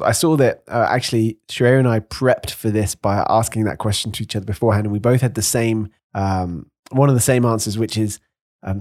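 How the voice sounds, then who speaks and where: This man co-hosts a faith podcast, and he chats casually in an easygoing way. His pitch sits in a middle register. He jokes wryly and often restarts his sentences. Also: a little mellow, no echo, clean studio sound. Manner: wry, joking, self-correcting restarts. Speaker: podcast co-host. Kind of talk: casual chat.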